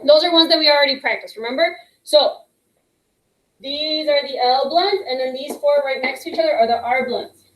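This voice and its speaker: A woman teaching young students a phonics lesson, patient and encouraging, slowly sounding out letter blends. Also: high-pitched, fairly bright tone, echoey room, rough recording. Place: classroom with a whiteboard. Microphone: microphone picked up partway.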